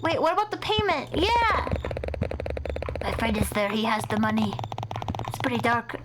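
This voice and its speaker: A young woman streaming horror games live, talking excitably and profanely and shrieking at the scares. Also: a little high, moderate pace, heavy background noise. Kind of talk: live gameplay commentary.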